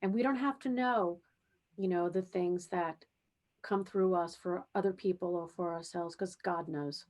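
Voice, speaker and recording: A woman who hosts a podcast as a spiritual medium. She speaks gently and reassuringly, often checking in with "okay?". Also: on the low side, a little slow. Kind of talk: podcast interview with psychic reading.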